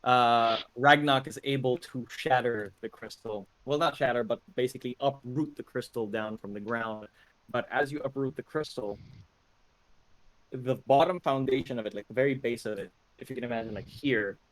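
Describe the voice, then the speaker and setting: A man narrating a tabletop game as game master, descriptive and relaxed, with frequent fillers. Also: medium pitch, moderate pace, dry recording, poor audio.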